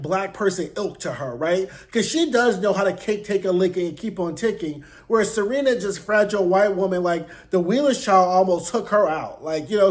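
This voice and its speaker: A high-voiced man talks straight into a close mic. He recaps TV in a casual, slangy way, with sassy, blunt asides. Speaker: host.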